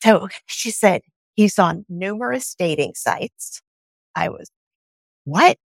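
A woman guest on a podcast, telling her own story in a lively way and acting out the dialogue she quotes. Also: medium pitch, slow pace, creaky, dry recording.

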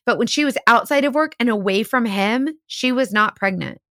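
A woman host telling a story in casual chat, animated and full of "like", acting out what people said. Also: a little high, moderate pace, no room sound, clean studio sound. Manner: animated, lots of "like", acts out quotes. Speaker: podcast host.

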